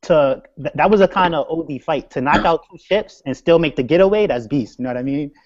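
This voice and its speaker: A man's voice: a little high, fairly quick, darkish tone, a little hiss or hum. A young man in a casual group debate, insistent and repeating himself to hold the floor. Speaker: stream co-host. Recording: dull lo-fi online stream audio.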